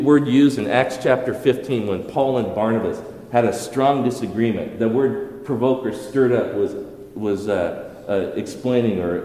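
Male pastor, mid-pitch mellow voice, earnest sermon delivery, booming church echo. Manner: earnest preaching with repeated restarts and rhetorical questions. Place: church hall. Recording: echoey hall with long reverb.

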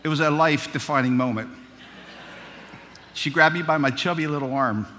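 A man's voice: a little high, normal speed, sharp tone, big-room sound, slight background noise. A man preaching a sermon, telling childhood stories in a folksy, humorous way. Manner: folksy storytelling, humorous asides.

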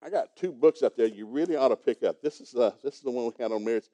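A man's voice: medium pitch, quick pace, warm tone. An older man preaching a sermon in a folksy, emphatic and humorous storytelling manner.

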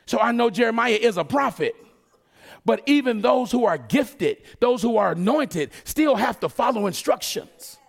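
Male preacher, high-pitched and expressive, casual joking sermon delivery. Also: moderate pace, vocal fry. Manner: conversational, joking preaching with acted asides.

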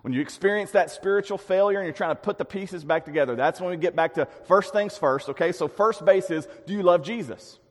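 A man preaching a sermon, earnest and dynamic, with emphatic swells and quiet drops. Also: high-pitched, brisk, hardly any pauses. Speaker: pastor. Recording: long hall reverb.

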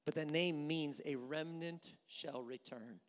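A pastor preaching a sermon, telling the story with animated delivery, acting out the quotes and often repeating words while thinking aloud. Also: mid-range voice, slow. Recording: long hall reverb.

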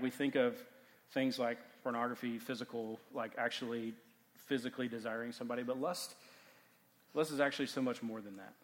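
A man in his thirties, a youth pastor, giving a casual, animated sermon full of stories and "like" fillers. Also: medium pitch. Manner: animated, chatty, heavy use of "like". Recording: long hall reverb.

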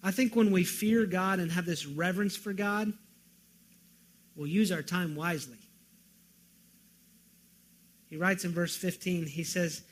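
A man preaching a sermon as pastor, moving from loud pleading questions to quiet, earnest emphasis. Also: fairly high pitch, a little hiss or hum.

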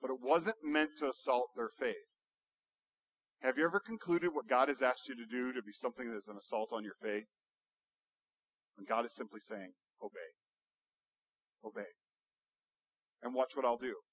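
A male pastor preaching a sermon, building to loud, emphatic rhetorical questions. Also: medium pitch, normal speed, pauses often, slightly rough.

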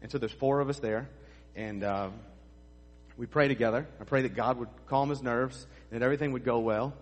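A man's voice: mid-range voice, steady tone, brisk. A middle-aged male pastor preaching a sermon, telling stories in a conversational way with asides to the congregation. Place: church sanctuary. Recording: long hall reverb.

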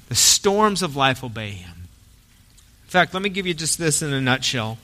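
A man preaching a sermon as pastor, swinging from soft, quiet stretches to forceful, punchy emphasis. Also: medium pitch, very animated, normal speed. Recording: long hall reverb.

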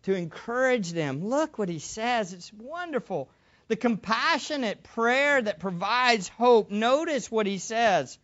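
Preacher, slow and deliberate, swooping intonation, rhetorical; church hall, lo-fi. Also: mid-range voice. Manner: animated, rhetorical questions. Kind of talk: sermon. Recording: dull lo-fi recording.

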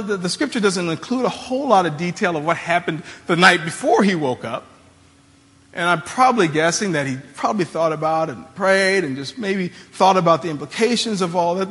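High-voiced man preaching casually in a hall. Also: fairly bright tone. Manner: casual, conversational preaching with slangy paraphrase. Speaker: pastor. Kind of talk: sermon.

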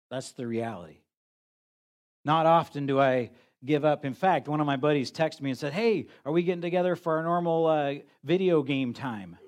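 A middle-aged pastor preaching to his congregation in a loose, conversational way. He pokes fun at himself and often restarts his sentences. His voice sits a little higher than most men's. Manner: conversational, self-deprecating preaching with frequent restarts. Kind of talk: sermon.

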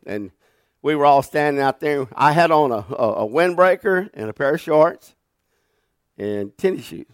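A man, preaching as a pastor and telling a funny story in a folksy, animated way. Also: fairly high pitch, moderate pace, clear, resonant tone, no room sound, studio quality. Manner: folksy, animated storyteller who laughs through his stories. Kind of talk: sermon with storytelling. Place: church sanctuary.

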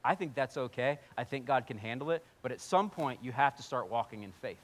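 A man preaching a sermon as pastor, telling his story in a swinging voice that drops to a hush and rises to near-yelling. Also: medium pitch, fairly quick, few pauses.

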